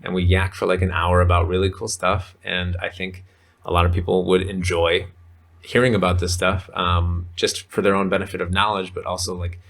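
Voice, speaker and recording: A man's voice: deep voice, flat delivery, normal speed, creaky, a bit bright. A man talking as a podcast guest in casual, rambling conversation, full of fillers. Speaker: podcast guest, men's coach.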